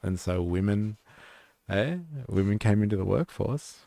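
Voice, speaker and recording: A man's voice: on the low side, measured pace, gravelly, warm tone, dry recording. A man hosting a live stream, casually commenting on clips in a rambling way with lots of fillers.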